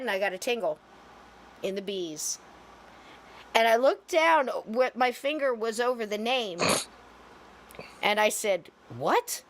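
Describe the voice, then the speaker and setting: A woman telling a story on a podcast in a casual, expressive way, quick to laugh. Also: mid-range voice, slight background noise. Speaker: podcast host.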